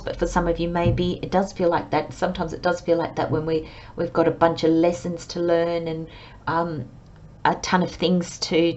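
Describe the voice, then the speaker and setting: A woman giving a pick-a-card tarot reading, speaking gently and reflectively and addressing her viewers as friends. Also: lowish voice, highs cut off. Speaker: tarot reader.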